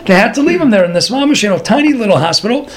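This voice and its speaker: A man telling a religious story in an animated, dramatic way, sprinkling in Hebrew and Yiddish words. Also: high-pitched, very fast, slight background noise. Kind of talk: storytelling sermon.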